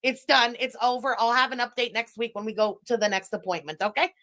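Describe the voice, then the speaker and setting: A woman's voice: fairly high pitch, fast talker, pushed and bright. A woman rambling casually in a played stream clip, emotional and swearing freely.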